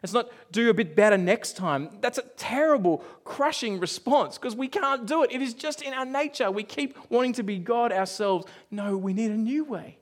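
Male pastor, high voice, chatty sermon delivery with asides and hushed drops. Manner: conversational storytelling with asides and quick dips to a hush.

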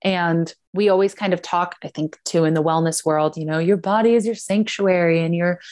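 A woman's voice: lowish voice, normal speed. A young woman in casual chat, telling a personal story and acting out the lines of others. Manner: animated storyteller, acts out quotes.

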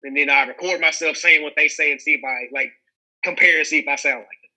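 A young man with a Southern American accent talks through his acting work in a loose interview. His voice is very bright and a bit high, and he rambles, restarting and filling gaps as he goes. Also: quick pace, low-quality recording. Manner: rambling, many restarts and fillers. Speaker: actor guest. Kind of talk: casual interview chat.

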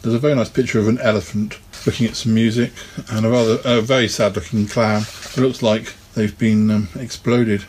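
A man casually talking through an old children's annual and reading from it, relaxed and chatty with plenty of ums and asides. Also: on the low side, a little fast, hardly any pauses, a little hiss or hum. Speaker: video host reviewing a vintage annual. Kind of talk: casual rambling commentary and read-aloud.

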